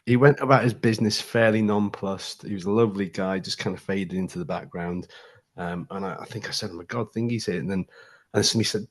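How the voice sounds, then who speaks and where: A man with a lowish voice tells a story on a casual podcast. He is animated and acts out what people said. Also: quick pace. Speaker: podcast co-host.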